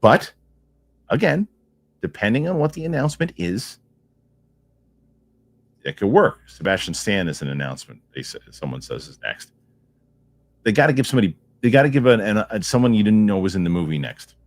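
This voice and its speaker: A man's voice: fairly low pitch, big pitch swings, a little fast, pauses often. A man hosting a live stream, chatting casually and rambling, repeating himself as he reacts to viewer comments. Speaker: host of a film news live stream.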